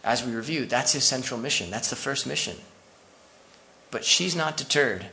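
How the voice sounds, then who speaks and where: A man's voice: mid-range voice, lively intonation, moderate pace, vocal fry, pushed and bright, slight background noise. A man preaching a sermon as pastor, conversational and full of asides to the congregation.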